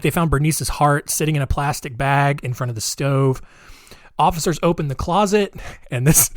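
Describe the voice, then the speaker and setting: A male podcast host tells a true-crime story in a casual, chatty way, with a wry edge and plenty of fillers. His voice sits a little high for a man. The recording is dry and close-miked, with no room sound. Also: no room sound. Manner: chatty, wry, laughs at grim details.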